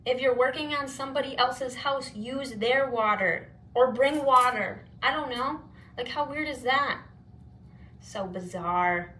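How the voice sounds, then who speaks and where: A young woman vlogs while doing her makeup, telling a long, rambling story, saying "like" constantly and acting out her side of the conversations. She calls herself non-confrontational and sounds exasperated, with a fairly high, bright voice and a forceful tone.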